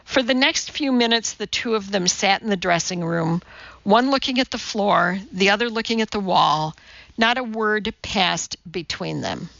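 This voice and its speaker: A woman narrating an audiobook in a measured, even storytelling manner. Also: mid-range voice, vocal fry, no echo, lo-fi sound. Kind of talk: scripted narration.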